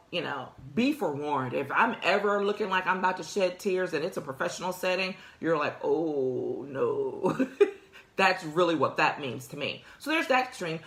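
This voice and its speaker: A woman's voice: fairly low pitch, fairly bright tone, reverberant. A woman hosting a career podcast, talking through workplace advice in a conversational, emphatic way with frequent laughs. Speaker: podcast host. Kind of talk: casual advice talk.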